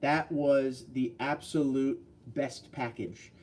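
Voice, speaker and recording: A man's voice: mid-range voice, steady tone, takes it slowly, a little mellow. A man from New York hosting a casual livestream, reading out viewer comments and bantering back.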